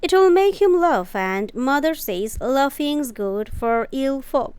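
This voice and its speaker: A woman voicing a kind, cheerful country boy who speaks in a homely, gentle way. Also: sits high, animated, slow pace, no room sound. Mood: friendly.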